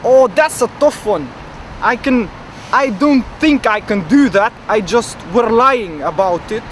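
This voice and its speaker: A man plays a grandiose young dreamer with sky-high ambitions. He rambles boastfully and fills his talk with hesitations, in a high voice. Loud traffic fills the outdoor street behind him. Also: expressive, a little slow. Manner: rambling, boastful, full of fillers. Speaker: interviewee. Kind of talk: comedic street interview.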